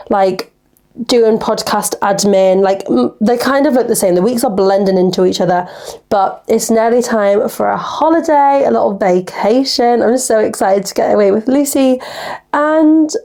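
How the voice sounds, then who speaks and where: Chatty young woman with gravelly fry. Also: medium pitch, mellow. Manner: chatty, rambling storyteller, acts out conversations. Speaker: podcast host. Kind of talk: casual solo podcast chat.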